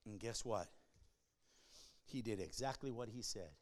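A male pastor preaching to a congregation, emphatic and animated, swinging between loud shouts and hushed, near-whispered passages. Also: fairly low pitch, measured pace. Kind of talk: sermon. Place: church before a congregation.

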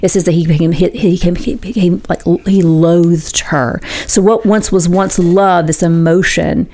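Gravelly low-voiced woman radio host. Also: fairly even intonation, normal speed, dark tone. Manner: earnest, retelling a story with many fillers and restarts. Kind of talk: radio talk show storytelling.

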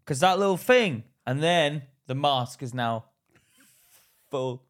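A man in casual podcast banter with a slightly higher voice that jumps around a lot. He teases and asks questions, then breaks into loud laughter. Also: animated, takes it slowly. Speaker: podcast co-host. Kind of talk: casual chat.

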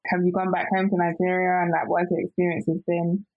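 Low-voiced woman interviewer, dull lo-fi sound. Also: flat delivery, fast, dry recording. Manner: hesitant, restarts her questions. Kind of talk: casual interview questions.

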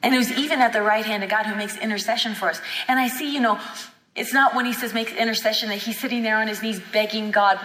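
A woman's voice: fairly high pitch, a little fast, pushed and bright. Fervent woman teaching in an echoing hall. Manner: fervent and emphatic, acts out quoted dialogue. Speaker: healing school teacher. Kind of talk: teaching sermon. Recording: echoey hall with long reverb.

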